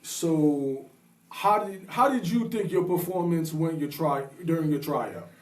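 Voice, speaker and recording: A man's voice: on the high side, expressive, measured pace, a little mellow. A man co-hosting a podcast who asks prodding questions and teases in slangy casual talk. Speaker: podcast co-host. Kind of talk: casual chat. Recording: echoey room, distant mic.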